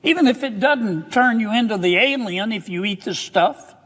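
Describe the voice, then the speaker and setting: A man's voice: high voice, moderate pace, a bit bright. A man, a politician, giving a formal floor speech with dramatic, folksy warnings. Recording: long reverb of a large chamber.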